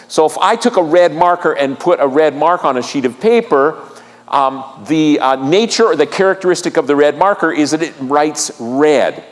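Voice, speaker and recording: Earnest pastor preaching in a reverberant church. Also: male voice, a little high. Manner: earnest, repeats key lines, asks the congregation questions. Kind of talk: sermon. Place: church sanctuary.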